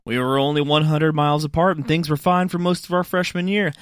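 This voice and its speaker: A young man co-hosting a podcast, relaxed and slangy, often laughing at his friend's stories. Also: on the high side, fairly quick, clean tone, no room sound, studio quality. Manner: laid-back, laughs a lot, slangy reactions. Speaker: podcast co-host. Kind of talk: casual podcast chat.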